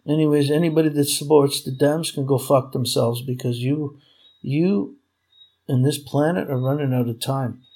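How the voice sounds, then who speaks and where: Man, gravelly and husky, angry profane vlog rant. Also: mid-range voice, moderate pace, dark tone. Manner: furious, profane, repetitive ranting. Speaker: vlogger. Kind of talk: angry political rant to camera.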